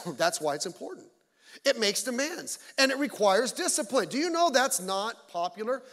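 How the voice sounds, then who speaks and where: A man's voice: very high-pitched, sing-song, normal speed, a bit bright. A man pastor preaching a sermon to his congregation, blunt and joking, with mocking asides. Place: church sanctuary. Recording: long church hall reverb.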